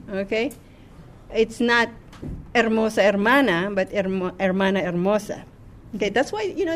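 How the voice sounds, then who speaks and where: A woman's voice: fairly high pitch, slight background noise. A woman teaching a class, patient, repeating words and checking in with frequent questions. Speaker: Hebrew teacher.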